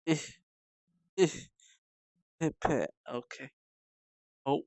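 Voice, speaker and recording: A streamer giving casual, giggly commentary while playing a game, laughing often, swearing casually and letting out sudden excited squeals. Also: medium pitch, a little slow, long pauses, no echo, muffled recording.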